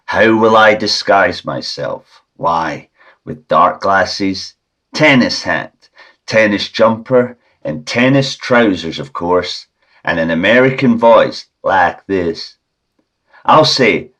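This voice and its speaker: Deadpan Scottish man, husky. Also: fairly low pitch, slow. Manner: deadpan absurd rambling. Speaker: podcast host. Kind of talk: absurdist comedy monologue.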